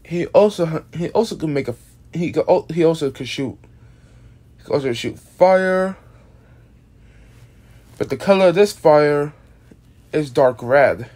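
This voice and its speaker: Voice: medium pitch, animated, unhurried, long pauses, a little mellow. Rambling, swearing, tired monster-character explainer. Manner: rambling, restarts often, swears casually. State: tired, yawning. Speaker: video creator presenting an original monster character. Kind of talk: casual unscripted explainer.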